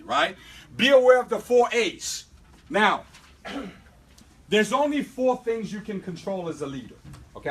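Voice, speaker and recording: A man giving a motivational sales training talk to a live room, energetic, checking in with his listeners over and over. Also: sits high, rough recording. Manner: energetic, repeatedly asks "right?". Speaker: business trainer.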